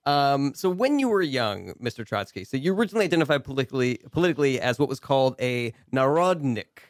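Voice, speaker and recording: A man's voice: medium pitch, big pitch swings, quick pace, no room sound, clean studio sound. Mock-earnest male radio host. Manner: mock-earnest, hesitant with fillers. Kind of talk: comedic interview parody. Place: radio studio.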